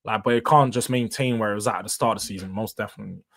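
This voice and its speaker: A man's voice: fairly low pitch, steady tone, very fast, vocal fry, fairly bright tone. Slangy young man streaming. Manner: slangy, laughs often, talks to chat. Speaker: livestream host. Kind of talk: casual stream chat.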